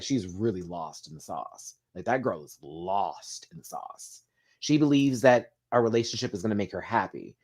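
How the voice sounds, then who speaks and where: Sassy chatty man hosting a live stream. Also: medium pitch. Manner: sassy, animated, swears freely. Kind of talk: casual live chat with viewers.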